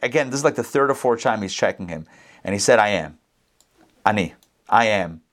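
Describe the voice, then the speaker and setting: A man leads a lively scripture lesson for a class. He keeps breaking into character voices that leap up in pitch, then settles back into casual remarks to his listeners. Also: fairly quick. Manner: acts out the characters' lines with big pitch jumps; chatty asides to the class. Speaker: rabbi teaching Torah class.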